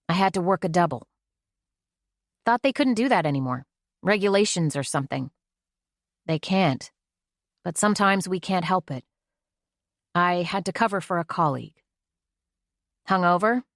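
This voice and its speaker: Low-voiced woman reading an audiobook. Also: dry recording, studio quality. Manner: reads every character in her own voice. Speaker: audiobook narrator. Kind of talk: scripted narration.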